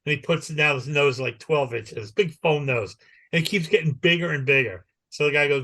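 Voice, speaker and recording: Male podcast co-host, casual animated storyteller, crisp, bright and slightly high in tone. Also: a little fast. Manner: rambling animated storyteller who acts out the people he quotes. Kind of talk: casual chat.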